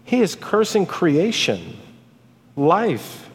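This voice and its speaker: Earnest preacher in a reverberant hall. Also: male voice, high voice, lively intonation, unhurried. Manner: earnest and conversational, storytelling asides. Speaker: pastor. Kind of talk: sermon. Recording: long church hall reverb.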